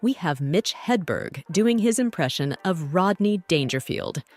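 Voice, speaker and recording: A woman reading scripted voice-over, briskly introducing each clip. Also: fairly low pitch, expressive, darkish tone, a little hiss or hum. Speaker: narrator. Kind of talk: scripted narration.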